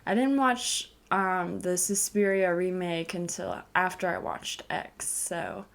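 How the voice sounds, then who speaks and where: A woman's voice: on the low side, lively intonation, slow pace, gravelly. A young woman giving a casual, chatty film review on camera, giggling often and filling her talk with "like". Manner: giggly, lots of "like" fillers. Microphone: camcorder.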